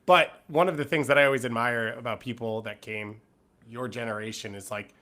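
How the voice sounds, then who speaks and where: A man's voice: medium pitch, fairly even intonation, a little fast, fairly bright tone. A man co-hosting a podcast, chatting casually, teasing the guest and asking rambling questions. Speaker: podcast co-host.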